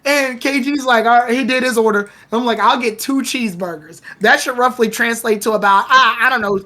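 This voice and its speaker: A woman with a notably high voice chats casually on a podcast. She tells stories with a lot of energy, plays out the back-and-forth of what people said, and curses freely along the way. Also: a little fast. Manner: animated storyteller, acts out quoted exchanges, swears freely. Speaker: podcast co-host. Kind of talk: casual group chat.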